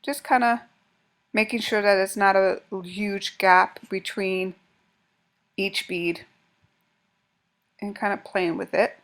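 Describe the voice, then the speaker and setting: A woman's voice: mid-range voice, fairly even intonation, slow, long pauses, fairly bright tone. A woman with a mid-range voice walks through a craft project step by step. She talks casually while working with her hands, often breaking off and restarting her sentences. Her delivery is informal and practical, like a home tutorial.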